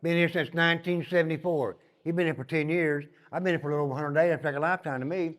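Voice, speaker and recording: Older guy giving a prison tour, talks quick and folksy, high-ish voice, echoey halls. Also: fairly even intonation. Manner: folksy, repeats "give you an idea", addresses group as guys. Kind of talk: guided tour storytelling. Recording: long echoey reverb of hard halls.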